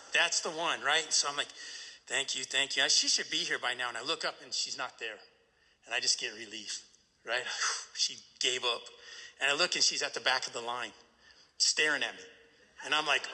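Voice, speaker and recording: A man speaking at a recovery meeting, telling a personal story in an animated way and often asking "right?". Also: on the high side, big-room sound.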